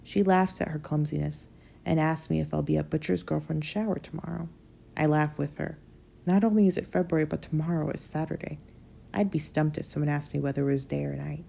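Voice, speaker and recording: A woman reads a first-person novella aloud as an audiobook narrator, her voice low-pitched and heavy with vocal fry. The tone is deeply dark and mellow. She keeps her delivery subdued and quiet, sometimes slipping into a whisper. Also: steady tone, a little fast, a little hiss or hum.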